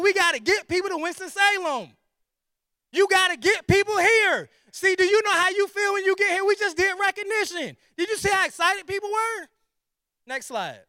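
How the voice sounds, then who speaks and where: Very high, bright-voiced man. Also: no room sound, studio quality. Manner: energetic, preachy, fond of rhetorical questions and repetition. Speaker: sales team leader. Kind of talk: motivational sales presentation.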